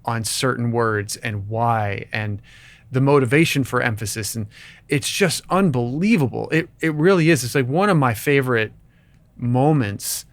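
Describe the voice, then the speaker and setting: A man's voice: mid-range voice, moderate pace, dry recording. Enthusiastic man rambling on a podcast. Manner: enthusiastic, rambling, many restarts. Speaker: podcast co-host. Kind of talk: casual chat.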